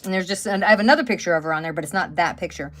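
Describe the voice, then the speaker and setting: A craft channel host in her fifties chats casually on a live stream from home beside a wood stove. Her voice is lowish, very fast and a bit bright. Her stories ramble, packed with fillers and restarts.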